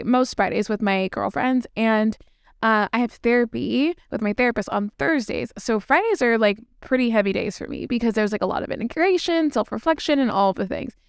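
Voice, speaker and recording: A woman's voice: a little high, clear, resonant tone, no echo, studio quality. A woman hosting a solo podcast, talking in a chatty, reflective way with frequent fillers. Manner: chatty, with frequent likes and ums. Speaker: podcast host.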